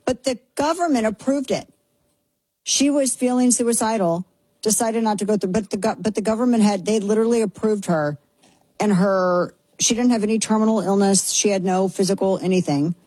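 Female talk radio host, low husky tone, dry close sound, sarcastic and incredulous delivery. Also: moderate pace, warm tone, dry recording, poor audio. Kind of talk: opinionated talk radio monologue.

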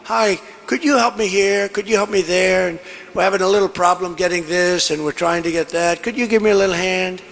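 A man's voice: high-pitched, steady tone, a little fast, creaky, a bit bright, big-room sound, pitched above the performer's own voice, exaggerated voice. A man putting on an impression of a brash older president, telling a mocking phone-call story.

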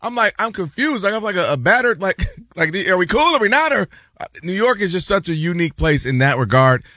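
A man's voice: high voice, very animated, brisk, sharp tone, no room sound, studio quality. A man hosting a sports talk show, chatting casually and playfully, acting out quotes. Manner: playful, acts out quotes, laughs easily. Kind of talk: casual sports radio chat.

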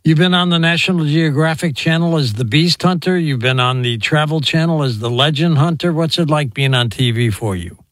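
A man's voice: a little high, a little fast, hardly any pauses, fairly bright tone, dry recording. A man asking an interview guest brief, direct questions.

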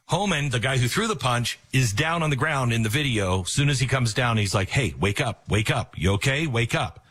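A man's voice: medium pitch, fairly bright tone, slightly rough. A man giving opinionated political news commentary, retelling stories sarcastically and acting out the quotes.

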